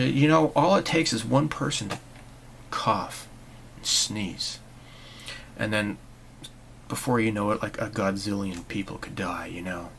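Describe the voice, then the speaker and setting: A man with a low, gravelly voice rants sarcastically in his own vlog. He rambles and restarts often, stacking mockery on mockery. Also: fairly bright tone, a little hiss or hum, low-quality recording. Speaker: channel host. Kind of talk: opinionated monologue vlog.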